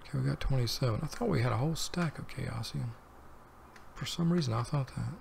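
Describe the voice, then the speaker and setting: A man's voice: medium pitch, a little fast, gravelly, slight background noise. A man hosting a let's play, chatting casually to himself as he plays and drifting between the game and personal tangents. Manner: rambling, talks to himself while playing. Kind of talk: casual gameplay commentary.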